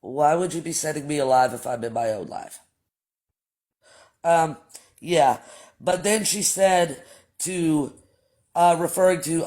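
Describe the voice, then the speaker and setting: A man hosts a casual livestream, speaking in a voice that sits a bit higher than most men's. He tells his story bluntly, swears freely and keeps addressing his viewers directly. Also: unhurried, pauses often, darkish tone. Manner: blunt and profane, addresses chat as y'all. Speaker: livestream host.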